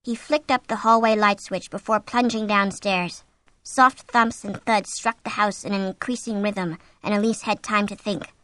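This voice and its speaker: A woman reading a horror novel aloud as an audiobook, with an expressive, suspenseful delivery on a close mic. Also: mid-range voice, moderate pace, no echo. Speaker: audiobook narrator. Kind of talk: scripted narration of a horror novel.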